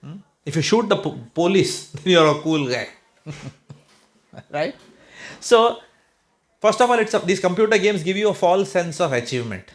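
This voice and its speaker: With a high-pitched, expressive voice, a Mumbai-born spiritual speaker addresses a home group in Indian English at a moderate pace, leaving long pauses. He keeps it conversational, wry and sometimes sarcastic, frequently tossing in "right?" and "hmm?".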